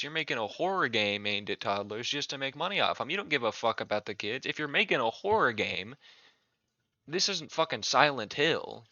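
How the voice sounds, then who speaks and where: A man's voice: medium pitch, pushed and bright, dry recording. A man delivering an angry, profane comedic rant. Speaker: video creator. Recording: dull lo-fi recording.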